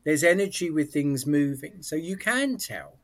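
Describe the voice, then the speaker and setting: With a fairly high, expressive voice at a measured pace, this English psychic medium talks about his work as a podcast guest. His British accent comes through as he chats casually and thoughtfully, frequently restarting.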